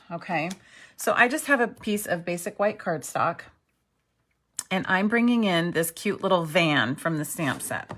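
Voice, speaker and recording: A woman's voice: fairly low pitch, a bit bright. A middle-aged woman teaching a card-making craft tutorial, chatty and self-deprecating, often checking in with "okay". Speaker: craft instructor.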